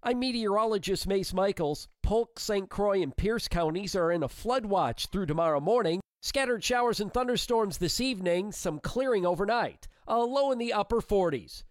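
A male meteorologist reading a radio forecast in a high, light voice. His delivery is crisp and scripted. The sound is dry. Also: lively intonation, moderate pace, hardly any pauses, dry recording.

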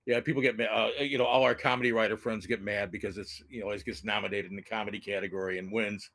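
A man's voice: fairly low pitch, fairly even intonation, quick pace, fairly bright tone, no room sound. A man appears as a guest on a show and chats casually. He chuckles often and has a slight lisp. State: lisping after a tooth pulled. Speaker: guest, painter. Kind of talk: casual chat.

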